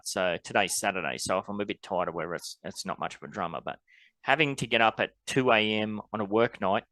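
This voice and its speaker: A man's voice: fairly low pitch, a bit bright, no room sound. An Australian man co-hosting a podcast, chatting in a laid-back, rambling and wry way. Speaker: podcast co-host. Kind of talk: casual chat.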